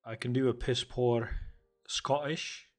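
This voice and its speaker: A man co-hosting a casual writing chat, thinking aloud in a halting way and poking fun at his own accent attempts. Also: medium pitch, fairly even intonation, faint music behind. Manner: self-mocking about his own accents. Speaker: podcast co-host.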